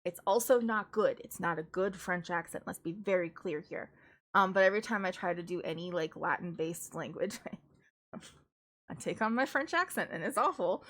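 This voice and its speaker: A woman's voice: fairly low pitch, animated, moderate pace, fairly bright tone. A woman casually reviewing books on a live stream, chatty and rambling, with frequent laughs and restarts. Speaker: book streamer.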